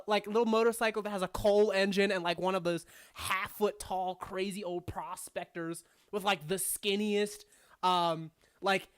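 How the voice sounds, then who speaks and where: A woman narrating a tabletop game as game master in a casual, rambling way, full of fillers and frequent laughter. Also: mid-range voice.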